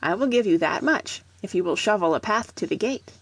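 A calm, patient storybook mother speaks gently and plainly, as a woman reads her. The voice is soft and breathy, close and dry. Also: mid-range voice, brisk, no echo.

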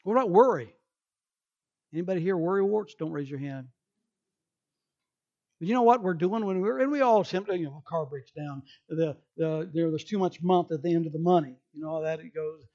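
A man's voice: a little high, brisk, dark tone, highs cut off. A male pastor preaching a sermon emphatically, acting out people's excuses in quoted voices.

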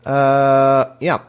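A man giving sarcastic, irreverent commentary between readings, often halting and restarting his sentences. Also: medium pitch, vocal fry, clean tone. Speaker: podcast host reading scripture.

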